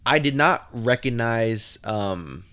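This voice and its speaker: A man's voice: mid-range voice, lively intonation, slow, fairly bright tone, clean tone. A young man co-hosting a podcast in casual chat, rambling with lots of slang and laughter. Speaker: podcast co-host.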